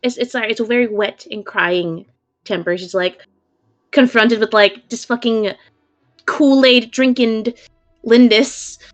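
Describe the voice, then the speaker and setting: A woman's voice: on the high side, fairly even intonation, measured pace, faint music behind. A woman playing in a tabletop role-play, speaking in an emotional way and swearing freely. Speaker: player.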